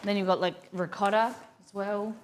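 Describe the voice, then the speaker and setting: A woman's voice: mid-range voice, steady tone, moderate pace, heavy background noise. A young woman hosting a cooking livestream, chatting casually and rambling as she reads her viewers' messages aloud.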